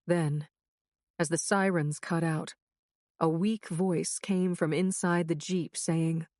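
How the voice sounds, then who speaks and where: A woman's voice: lowish voice, fairly even intonation, slow, a little mellow, no echo, clean studio sound. A woman narrating a crime thriller audiobook in the first person with a tense, urgent reading.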